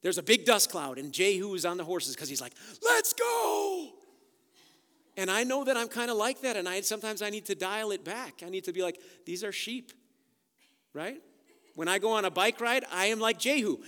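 A man preaching a sermon, energetic, swinging from loud urgent exhortation to quiet emphasis. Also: high-pitched. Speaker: pastor. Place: church sanctuary. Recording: long hall reverb with faint guitar behind. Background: soft guitar music.

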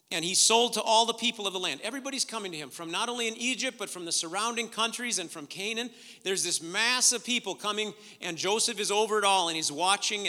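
A man preaching a sermon, retelling scripture and swinging from hushed, intimate lines to loud, emphatic ones. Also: high voice, long reverb tail. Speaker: pastor.

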